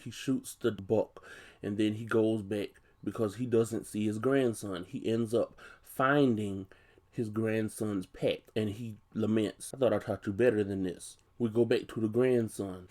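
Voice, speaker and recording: A man's voice: lowish voice, dark tone. A man casually retelling a film's plot as a reviewer, chatty and loose, with frequent conversational asides. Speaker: movie reviewer. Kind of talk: casual movie plot recap.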